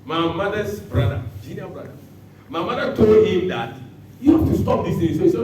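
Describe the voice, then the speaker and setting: A man preaching a sermon as pastor, bursting into shouts and acting out the words he quotes. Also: high voice, moderate pace, slight background noise. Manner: animated preaching with sudden shouts and dramatic quotes. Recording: echoey hall from far off.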